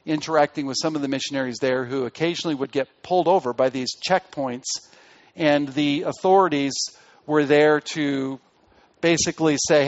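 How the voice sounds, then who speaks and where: A man preaching a sermon in an earnest way. He drops soft on key phrases and rises to press a point. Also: fairly high pitch, steady tone, normal speed, dull audio. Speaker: pastor.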